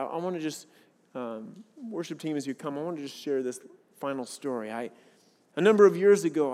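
A man preaching a sermon as pastor, earnest and conversational, weaving scripture with personal stories. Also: on the high side. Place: church sanctuary with a worship team. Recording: long reverb of a large hall.

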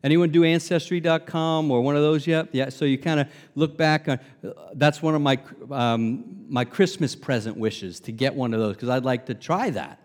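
Emphatic preacher in a reverberant hall. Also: male voice, medium pitch, normal speed, hardly any pauses. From Long Island, New York. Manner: emphatic preaching that swings between loud stresses and soft asides, with humor. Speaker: pastor. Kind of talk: sermon.

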